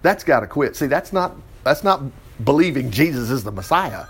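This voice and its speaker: Lively man teaching scripture. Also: medium pitch, normal speed, vocal fry, a little hiss or hum. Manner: animated, folksy, chuckling asides. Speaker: Bible teacher. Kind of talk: informal Bible study commentary.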